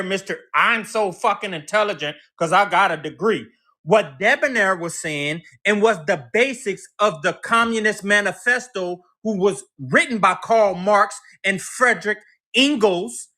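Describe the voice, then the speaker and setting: A woman's voice: medium pitch, bright, forceful tone. A woman in a livestreamed debate, ranting in a mocking, profane way. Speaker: debate participant. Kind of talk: heated live debate.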